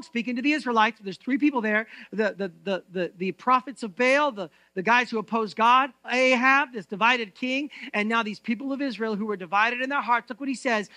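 A man preaching a church sermon, swinging between loud proclaiming and hushed, intense reading of scripture. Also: extremely high pitch, a little fast, few pauses, no echo. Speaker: pastor.

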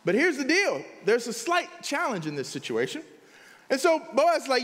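An animated man delivers a sermon, breaking into laughter and quick asides. His voice sits high for a man. A long reverb trails behind him in the room. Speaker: pastor.

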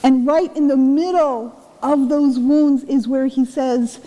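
High-voiced woman pastor preaching in a church. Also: fairly even intonation, takes it slowly, mellow. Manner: conversational, earnest, asks rhetorical questions. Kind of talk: sermon. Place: church sanctuary. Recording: long reverb of a church sanctuary.

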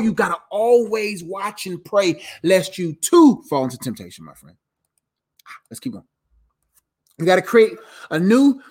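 An emphatic man in his thirties preaches in a loose, conversational style. His voice sits high for a man, and he keeps circling back and repeating his phrases as he pushes each point home. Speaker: preacher and life coach. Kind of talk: casual preaching.

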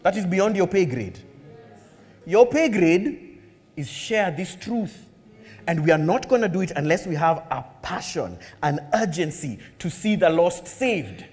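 A man preaching a sermon, animated and humorous, acting out bits of dialogue as he tells a story. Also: high voice, measured pace, long reverb tail. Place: church hall.

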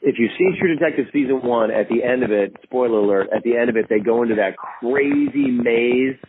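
A man calls in as a podcast guest and tells his story with lively energy, jumping into the voices of the people in it. His voice sits in an ordinary middle range for a man. It comes through a narrow, tinny phone line with a faint hiss underneath. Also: mid-range voice, fairly quick. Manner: animated, acts out other people's lines in a raised voice. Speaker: guest filmmaker. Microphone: phone call.

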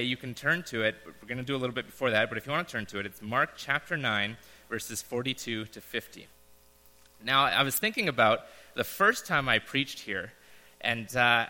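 A man's voice: medium pitch, sharp tone. A young man preaching a sermon in a church, chatting and joking casually before reading a story aloud. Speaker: pastor. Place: church hall. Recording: echoey large hall.

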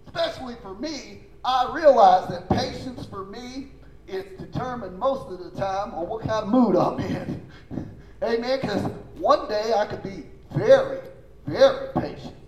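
A man's voice: high-pitched, lively intonation, unhurried, reverberant, slight background noise, rough recording. A man preaching a sermon as pastor, emphatic and folksy, calling out to his congregation for responses. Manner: folksy, informal phrasing.

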